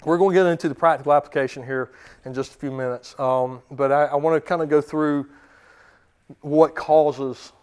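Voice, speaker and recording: Brief: male dog trainer lecturing clients, casual and repetitive, fairly high voice. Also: fairly even intonation, moderate pace, darkish tone, clear, resonant tone. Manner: conversational, repeats words, often checks in with "okay?".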